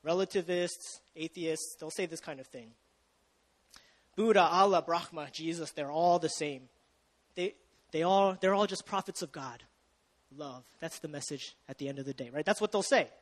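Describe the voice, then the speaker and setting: A man's voice: on the high side, moderate pace, big-room sound. A young man preaching a sermon in a casual, chatty way, often asking the audience questions and restarting his sentences.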